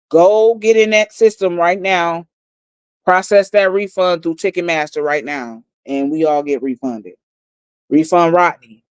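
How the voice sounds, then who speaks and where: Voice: mid-range voice, smooth, no echo. A livestream host giving a blunt, profane story recap and repeating lines for emphasis.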